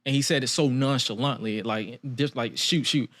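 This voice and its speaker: A young man hosts a casual podcast chat. His voice sits at an ordinary middle pitch, and he tells stories in a loose way, acting out what people said. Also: steady tone, moderate pace, fairly bright tone. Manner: loose, storytelling with quoted asides and frequent laughs. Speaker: podcast host.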